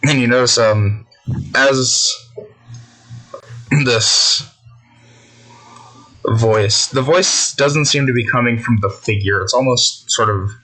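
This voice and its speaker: A man narrating a tabletop game as game master, building an eerie scene slowly and deliberately. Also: medium pitch, pushed and bright, rough recording. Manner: slow, deliberate, atmospheric narration.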